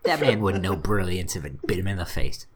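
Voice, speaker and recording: A man's voice: low-pitched, sing-song, fairly quick, a crowd in the background. A man co-hosting a comics podcast, chatting and joking with the others. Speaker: podcast co-host. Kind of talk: casual chat.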